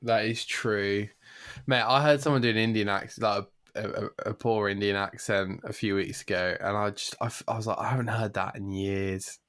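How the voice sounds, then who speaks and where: A man's voice: fairly low pitch, steady tone, normal speed, fairly bright tone. A man hosting a gaming podcast in casual, jokey chat. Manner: chatty, jokey, drops into silly accents. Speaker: podcast host.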